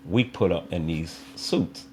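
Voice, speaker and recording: A middle-aged man from Israel speaks as a guest in a conversational interview, his voice sitting very low. He is a lively storyteller who acts out the voices of the people in his tales. A faint hiss runs under the recording. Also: measured pace. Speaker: interview guest, youth basketball coach.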